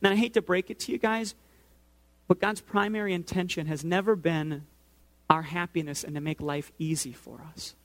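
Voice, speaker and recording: Male pastor, 30s, higher register, relaxed storytelling sermon. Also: normal speed. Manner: conversational, storytelling, talks to the audience directly.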